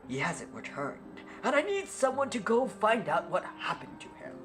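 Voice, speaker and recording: A man voicing a weary, world-worn male captain who gives orders gravely, with game music behind. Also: high-pitched, very animated, normal speed, voice pushed up. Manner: grave, commanding.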